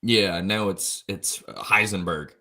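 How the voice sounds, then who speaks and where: A man's voice: sits low, steady tone, takes it slowly, pushed and bright. A man co-hosting a casual college football show, joking and rambling while hungover. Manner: joking, rambling, self-mocking. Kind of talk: casual sports chat.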